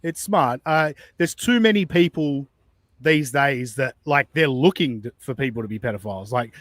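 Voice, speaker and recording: A man's voice: medium pitch, animated, normal speed, dry recording, clean studio sound. A man hosting a podcast, casually reacting to clips, chatty, swearing and incredulous. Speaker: podcast host.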